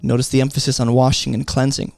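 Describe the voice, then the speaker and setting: A man walks through a Bible passage verse by verse, with a gravelly edge to his mid-pitched voice. He explains each point emphatically and keeps asking his listeners rhetorical questions. It is recorded close and dry, with faint music underneath. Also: level tone, fast talker, a little mellow, no echo. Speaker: Bible teacher.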